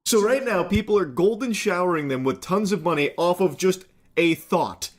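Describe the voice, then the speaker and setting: A man's voice: high-pitched, moderate pace. A man in a played video clip, commenting casually and sarcastically, with some swearing.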